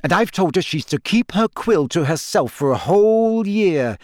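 A man voicing a clever, earnest teenage schoolgirl witch in an audiobook, talking in an eager, brisk, know-it-all way. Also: high voice, expressive, no room sound, studio quality, voice pushed up. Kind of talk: audiobook character voice.

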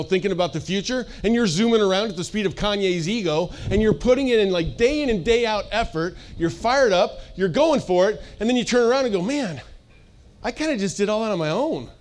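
A man preaching a casual, joking sermon, talking in a chatty, playful way with plenty of asides. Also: sits high. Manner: chatty, playful, lots of "like" and "you know". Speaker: pastor.

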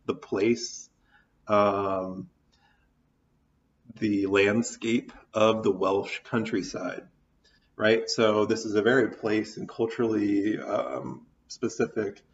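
A man's voice: on the low side, distant mic. A man with an American accent giving a recorded audio lecture, thoughtful and loose, with many ums and restarts. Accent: American English. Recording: dull, roomy, mic set back.

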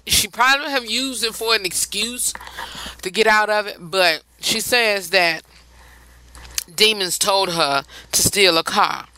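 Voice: medium pitch, a little slow, sharp tone, a little hiss or hum, poor audio. A host casually reading gossip headlines and chatting to listeners with asides and laughs, sounding a little tired. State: tired, yawning. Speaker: host of a news and gossip segment.

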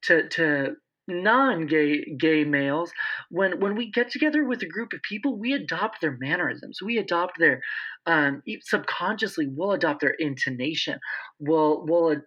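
Bright-voiced young man, lively explainer. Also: fairly high pitch, normal speed, breathy edge. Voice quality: slightly emphasized S sounds. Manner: animated, lively, slips into imitated voices. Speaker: interview guest, speech-language pathology student. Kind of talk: casual conversational explanation. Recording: dull, lo-fi sound.

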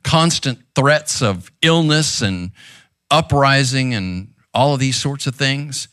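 A man's voice: medium pitch, expressive, slow, fairly bright tone, clean tone, no echo, studio quality. A man preaching a sermon in a conversational, intense way, often checking in with "right?", seated on a stool in a church room. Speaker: pastor.

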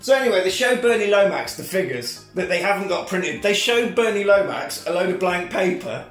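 Man, podcast host, jokey, high voice, roomy echo. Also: animated, a little fast. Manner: jokey, rambling, acts out scenes. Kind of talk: casual film recap. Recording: roomy echo, faint music.

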